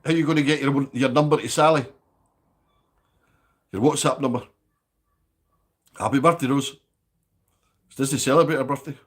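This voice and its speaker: Husky man chatting on a livestream. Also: medium pitch, fairly even intonation, moderate pace, pauses often. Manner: chatty, banters with viewers by name. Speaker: live streamer host. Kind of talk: casual livestream chat reading viewer comments.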